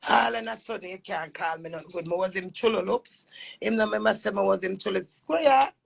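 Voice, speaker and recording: A Jamaican woman with a deeply gravelly voice pours out a heated, repetitive monologue, sliding between patois and English. Her tone is husky and rough, full of fry, and she leans hard on her points. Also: a little fast. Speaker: dancehall personality airing a marital dispute.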